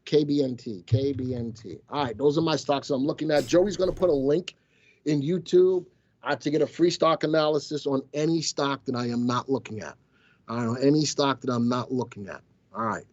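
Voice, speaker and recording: A man's voice: medium pitch, a little fast, a little mellow, no echo, highs cut off. A man hosting a casual live stock-market show, teasing his viewers and crew as he talks. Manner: playful, teasing banter with chat. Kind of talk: casual live-stream commentary.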